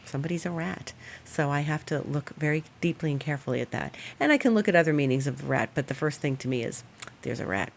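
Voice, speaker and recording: Low-voiced chatty woman astrologer. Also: fast, creaky, slight background noise. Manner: animated, chatty, laughs often while telling stories. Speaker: astrologer host. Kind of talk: casual storytelling and astrology forecast.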